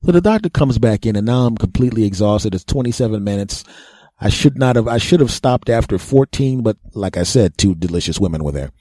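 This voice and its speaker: A man's voice: fairly low pitch, lively intonation, brisk, warm tone, no room sound, studio quality. A man hosting a podcast, telling a funny story in a self-mocking monologue and laughing at his own jokes. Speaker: podcast host.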